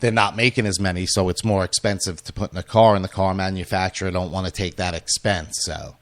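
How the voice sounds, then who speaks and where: A man's voice: sits low, fairly even intonation, a little fast, dry recording, clean studio sound. A male radio show host, losing his voice, chatting casually with a guest and rambling with many fillers and restarts. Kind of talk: casual interview chat.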